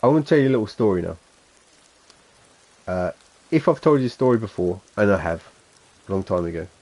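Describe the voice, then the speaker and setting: A man with a broad Suffolk accent talks through his game stream in a low, mellow, slightly husky voice. He rambles and mocks himself, chuckling along the way. The talk is loose and unscripted. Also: animated, a little fast. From England. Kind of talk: casual gameplay chat.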